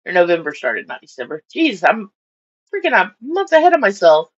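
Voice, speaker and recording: A woman's voice: medium pitch, huge pitch swings, brisk. A woman chatting casually on a home live stream about her fish tanks, rambling and giving her fish silly voices. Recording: dull lo-fi stream audio.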